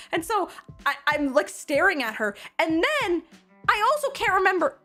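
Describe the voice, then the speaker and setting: Young woman, high voice, very animated, streaming story chat. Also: faint music behind. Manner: animated, laughing, quick restarts and quoted voices. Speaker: streamer recounting an event. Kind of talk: casual livestream storytelling.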